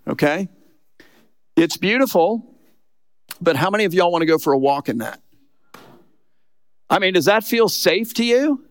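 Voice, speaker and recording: A middle-aged man preaching a lively, conversational sermon, acting out quotes as he goes. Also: fairly high pitch, dry recording. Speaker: pastor.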